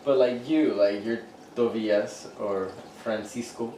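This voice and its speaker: A man's voice: lowish voice, slow, mellow, distant mic. A middle-aged man co-hosting a casual podcast, joking and rambling with frequent laughs. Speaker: podcast co-host. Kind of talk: casual chat. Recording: roomy, off-mic, faint noise.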